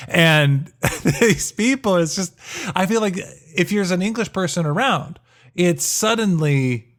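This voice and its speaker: An American man co-hosting a movie podcast, excitable and rambling, often repeating his words as he talks. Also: high-pitched, a little slow. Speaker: podcast co-host. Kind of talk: casual podcast chat.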